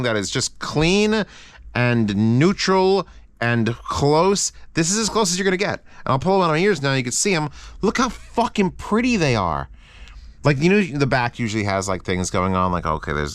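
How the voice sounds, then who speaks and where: A man's voice: medium pitch, fairly bright tone, clean tone, no echo. A man casually reviewing earphones, rambling and swearing with frequent restarts. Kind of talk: casual unscripted product review.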